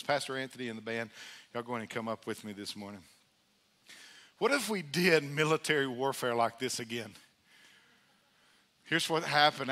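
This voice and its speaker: A man preaching a sermon in church, conversational and energetic, calling out to the congregation. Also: medium pitch. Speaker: pastor. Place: church sanctuary.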